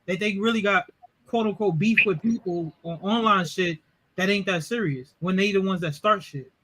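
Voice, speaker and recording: A man co-hosting a casual podcast, ranting in an animated way. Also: high voice, normal speed, rough recording. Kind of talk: casual chat.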